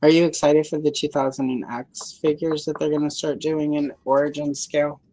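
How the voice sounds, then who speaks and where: A woman's voice: low-pitched, level tone, a little fast, mellow, low-quality recording. A woman hosting a livestream, chatting casually in a rambling, hedging way with dry sarcasm. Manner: rambling, hedging, full of fillers and self-corrections. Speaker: livestream host.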